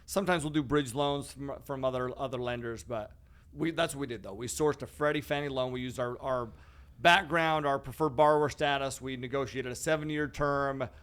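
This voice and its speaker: A man's voice: medium pitch, fairly quick, clean tone. A man hosting a casual podcast, talking energetically and emphatically about real estate investing. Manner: energetic, emphatic, calls his co-host "bro" and "dude".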